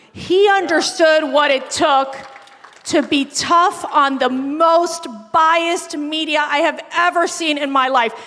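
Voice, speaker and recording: A woman telling lively anecdotes to a crowd at an event, emphatic and rousing. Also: high-pitched. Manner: animated, emphatic, builds to rousing calls. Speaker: speaker at a political event. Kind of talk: storytelling speech to a crowd. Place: event venue before a crowd. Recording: reverberant event hall.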